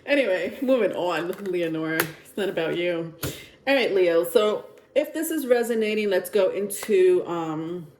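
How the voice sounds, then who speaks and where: Female tarot reader with a lowish voice, talking in a loose, rambling, filler-heavy way. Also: animated, unhurried, a little mellow, slight background noise. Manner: rambling and chatty, with frequent filler words. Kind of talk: casual tarot reading.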